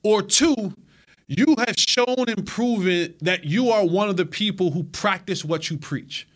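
A man's voice: high-pitched, a little slow. A man hosting a sports talk show, speaking casually and animatedly, often repeating words as he builds his point.

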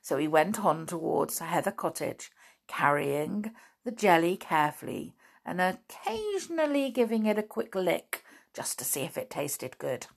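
Woman reading a children's story slowly. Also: fairly low pitch, very animated, vocal fry.

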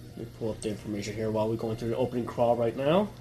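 A man's voice: medium pitch, fairly even intonation, racing, mellow. Man giving chatty movie commentary. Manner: chatty, thinking aloud, chewing popcorn while talking. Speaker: movie watch-along host. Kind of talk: casual live movie commentary.

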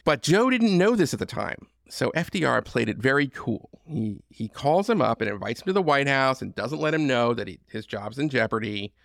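A man's voice: medium pitch, very animated, moderate pace, vocal fry, hardly any pauses, a bit bright, dry recording, clean studio sound. A man hosting a podcast, telling history in a conversational monologue with frequent asides and fillers. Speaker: podcast host.

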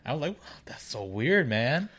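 A man's voice: medium pitch, sing-song, moderate pace, a bit bright. A man joking around on a podcast, laughing often and telling loose anecdotes in slang. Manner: laughs a lot, slangy, says "bro" and "man". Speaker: podcast co-host. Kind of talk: casual chat.

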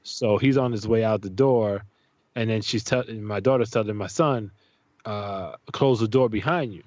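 Animated, swearing man telling a story. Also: fairly low pitch, moderate pace, dry recording, lo-fi sound. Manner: animated, profane, acts out voices in his stories. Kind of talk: casual chat, storytelling.

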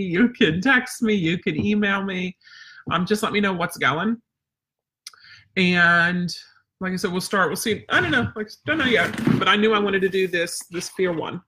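A woman's voice: lowish voice, a bit bright. A woman dog trainer teaching a casual live webinar, chatty and rambling with lots of fillers.

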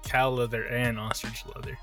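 A man's voice: medium pitch, level tone, normal speed, fairly bright tone, soft background music. A young man co-hosting a podcast in casual banter, teasing and skeptical, often giggling. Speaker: podcast co-host. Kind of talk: casual joking chat.

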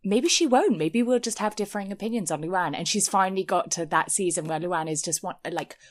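Woman, podcast co-host, casual chat, giggly, chatty, middle pitch. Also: brisk. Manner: giggly, chatty, restarts the intro with laughter.

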